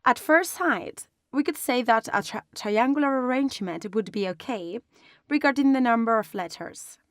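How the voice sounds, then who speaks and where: A woman explaining a design lesson step by step in a calm, instructional way, recorded as a close voice-over. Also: fairly high pitch, normal speed, no room sound. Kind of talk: online lesson narration.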